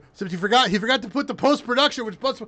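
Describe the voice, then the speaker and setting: A man hosting a political commentary podcast from his home studio, riffing in a mocking, crude, animated way. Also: extremely high pitch, fast. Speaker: podcast host.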